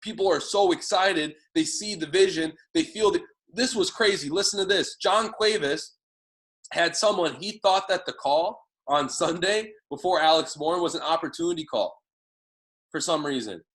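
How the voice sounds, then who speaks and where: A man leading a team sales training, talking excitedly and casually, swearing now and then as he fires up his audience. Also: on the high side, moderate pace, poor audio. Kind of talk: motivational training talk.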